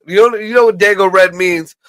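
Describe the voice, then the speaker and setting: A man ranting and joking in casual profane chat, crude and animated, with lots of swearing. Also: high-pitched, a little fast, dry recording. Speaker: podcast co-host.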